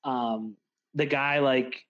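A podcast co-host in casual chat, blunt and quick to swear, often mimicking other people in stories. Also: mid-range voice, fairly even intonation, highs cut off.

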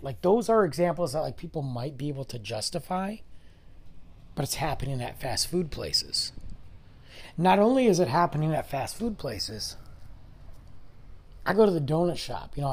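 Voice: mid-range voice, expressive, moderate pace, husky. A middle-aged podcast host ranting in a solo episode, exasperated and firing off mocking rhetorical questions. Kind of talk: solo opinion rant.

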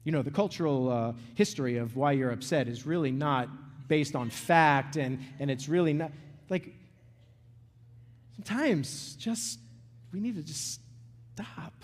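A man's voice: a little high, lively intonation, unhurried, pauses often. Man preaching in a reverberant hall. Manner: conversational, asks "right?" and "okay?" often; repeats words and restarts phrases. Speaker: pastor. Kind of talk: sermon. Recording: long reverb of a large hall.

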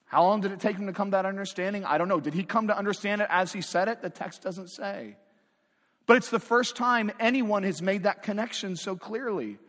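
Man, pastor, sermon, emphatic conversational preaching, rhetorical questions, high voice, long hall reverb. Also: brisk, a bit bright.

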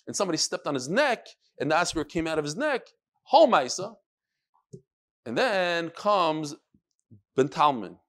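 A man teaching a Talmud class, telling the story with animated quotes and Hebrew and Aramaic terms. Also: a little high.

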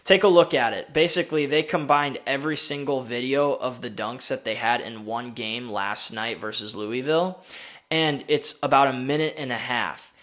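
Man, podcast host, casual sports talk, opinionated, rambling, self-interrupting, mid-pitched voice. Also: moderate pace, a bit bright. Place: home in winter city.

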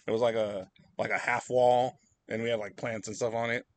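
A man's voice: mid-range voice, little pitch movement, brisk. A young man hosting a casual podcast, telling rambling, profane stories. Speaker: podcast host.

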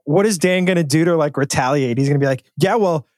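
A man's voice: fairly high pitch, fast, no echo. Male podcast co-host, casual joking sports banter, dry close sound.

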